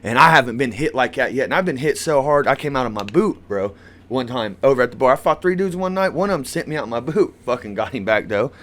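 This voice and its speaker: A man's voice: medium pitch, lively intonation, fast, a bit bright. A man co-hosting a podcast, telling a fight story in a rowdy, profane way and laughing through it. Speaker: podcast co-host. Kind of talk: casual storytelling chat.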